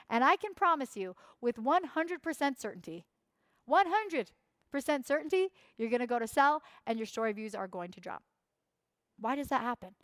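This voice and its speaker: A woman's voice: a little high, no room sound. A young woman leading a coaching workshop, speaking emphatically, repeating key phrases and acting out the voices of others. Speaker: workshop instructor.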